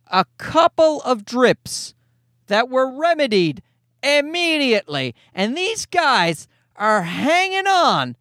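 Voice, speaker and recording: A man in his thirties hosts a podcast, ranting casually and comedically, exasperated and profane, rambling and restarting his sentences. His voice is extremely high and a bit bright, recorded dry with studio quality.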